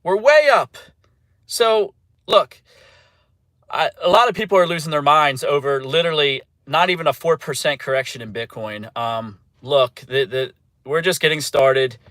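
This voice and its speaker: A man's voice: on the high side, normal speed, fairly bright tone, dry recording. A man hosting a crypto channel, ranting in mock panic, then earnestly calling the drop a buying chance. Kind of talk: sarcastic rant to camera.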